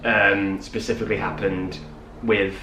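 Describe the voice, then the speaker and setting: A man's voice: on the low side, measured pace. A young man chatting casually, rambling and acting out little quotes. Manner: rambling, animated quoting. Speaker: co-host. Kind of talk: casual morning chat. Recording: roomy, distant mic, faint hiss.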